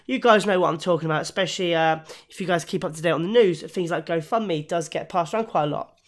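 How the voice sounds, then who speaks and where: A YouTuber talking casually through a crypto project review, with many fillers, restarts and self-corrections, and bouts of hiccups. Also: male voice, on the high side, fast. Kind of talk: casual spoken review to camera.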